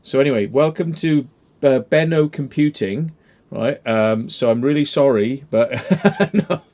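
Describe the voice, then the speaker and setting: A man's voice: medium pitch, a little slow, mellow. A man hosting a casual online chat, rambling and joking between beers, swearing now and then. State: drinking beer. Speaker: host.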